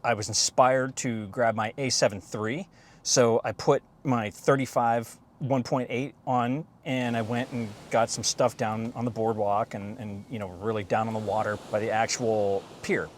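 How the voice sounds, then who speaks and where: A man chatting casually as a photography vlogger from inside his parked car, recorded by a camera on the dashboard, relaxed and rambling with casual swearing. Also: mid-range voice, normal speed, slight background noise. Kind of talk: casual rambling vlog talk. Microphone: camera mounted on the dashboard.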